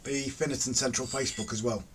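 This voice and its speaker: A man's voice: mid-range voice, fairly even intonation, quick pace. A middle-aged man hosting a casual live stream, reading out viewer comments in a teasing, jokey way and laughing often. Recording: distant mic with faint ambient noise.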